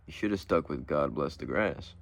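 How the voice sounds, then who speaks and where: A man's voice: a bass voice, expressive, normal speed. A man voicing a cheerful, folksy male lawnmower man who serves Pan, speaking in a friendly, overly familiar way. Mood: genial. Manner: folksy, overly friendly, calls people buddy.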